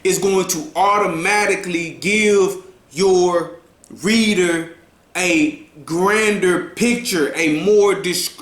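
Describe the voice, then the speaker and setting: A man's voice: high voice, fairly bright tone, reverberant. A man giving a casual writing lesson, repeating himself and often checking in with "right?". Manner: slow, repetitive, checks in with "right?". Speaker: writing coach.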